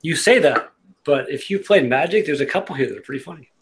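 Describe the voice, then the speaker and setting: A man's voice: a little high, lively intonation, quick pace. A man joking and swearing his way through a casual party card game with friends. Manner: laughing, swearing banter. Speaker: player. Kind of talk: casual gaming chat.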